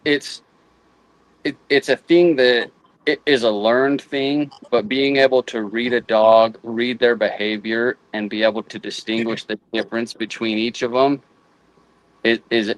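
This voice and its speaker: A man's voice: medium pitch, fairly even intonation, dry recording, low-quality recording. A man in a casual chat, often restarting and repeating words as he works out his thought. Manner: halting, repeats words while thinking. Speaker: guest houndsman.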